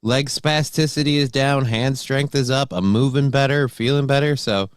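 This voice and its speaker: A man co-hosting a casual morning talk show, teasing his partner in a halting, dry way. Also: mid-range voice, smooth, no echo. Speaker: co-host.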